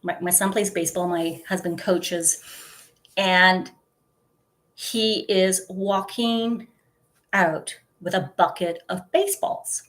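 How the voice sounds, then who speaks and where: A woman's voice: fairly low pitch, steady tone, takes it slowly, fairly bright tone. A woman in her fifties chatting casually to the camera, telling stories with giggles and lots of fillers. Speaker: vlogger. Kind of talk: casual chat.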